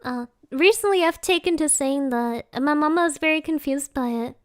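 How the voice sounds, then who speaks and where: A woman's voice: high-pitched, moderate pace, no room sound, clean studio sound. A woman streamer chatting casually from home, giggly and rambling in a playful way. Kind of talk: casual live-stream chat.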